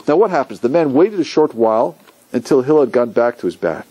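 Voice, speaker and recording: A rabbi teaching a class, telling stories with lively acted-out quotes and asking his listeners questions. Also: medium pitch, brisk, slightly rough, low-quality recording. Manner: animated storytelling, asks the audience questions, acts out quotes. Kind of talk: lecture to a class.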